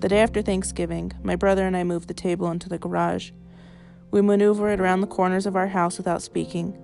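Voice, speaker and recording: A woman reads a literary short story aloud in a measured, steady voice from inside her car. Her tone sits low with a creaky, gravelly texture, and faint music runs underneath. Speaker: podcast host reading fiction.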